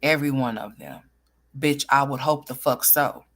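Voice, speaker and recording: Commentary host, sassy, mocking, profane, mid-pitched. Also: normal speed, a bit bright.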